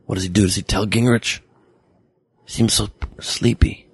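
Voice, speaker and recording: A satirical comedy host with a husky, lowish voice rants in a sarcastic, incredulous monologue, his intonation fairly even and his pace normal. There is no room sound.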